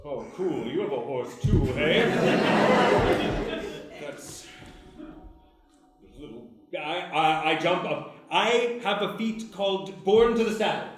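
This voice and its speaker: A high-voiced man with a swooping, lively delivery, laughing as he plays in a live tabletop game. He talks slowly, and the echoey stage carries heavy room noise. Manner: animated and laughing. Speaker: player. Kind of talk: live improv game play.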